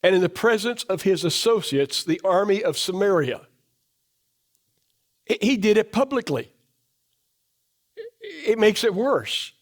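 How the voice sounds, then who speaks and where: A middle-aged man preaches in a church sanctuary, his voice a little higher than most men's. He is emphatic and presses rhetorical questions on the congregation, and he sinks low and quiet to drive home a point. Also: sing-song, unhurried, long pauses. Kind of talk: sermon.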